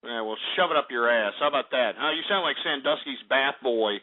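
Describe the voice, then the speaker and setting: A radio talk show host with a mid-range voice, talking a little fast, angrily rants at callers on his call-in show. He swears a lot and stammers through restarts. The audio is lo-fi and phone-like.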